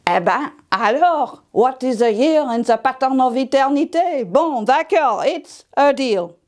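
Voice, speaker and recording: A woman's voice: sits high, expressive, measured pace. A woman voicing a suave male devil with a put-on French accent, who drops French words into his talk. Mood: fussy. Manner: breezy, sprinkles French words.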